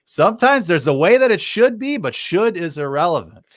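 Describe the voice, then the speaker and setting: Podcast host guy, blunt and jokey, lively up-and-down voice. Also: high-pitched, moderate pace. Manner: blunt, joking, laughs often. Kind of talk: casual banter.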